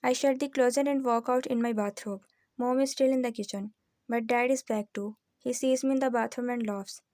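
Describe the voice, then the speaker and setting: A woman narrating a novel in the first person with a steady, reflective reading close to the mic. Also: a little high, normal speed, no echo. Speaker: audiobook narrator.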